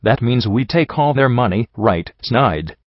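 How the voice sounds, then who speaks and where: Man playing a slow dim-witted pony thug. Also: medium pitch, lively intonation, no echo. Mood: dopey. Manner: slow, hesitant, simple-minded. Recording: dull lo-fi recording.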